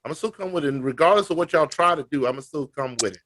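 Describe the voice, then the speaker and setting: A man co-hosting a sports podcast, boastful and animated, halting with many fillers. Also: a little high, no room sound. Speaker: podcast co-host. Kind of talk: casual sports podcast chat.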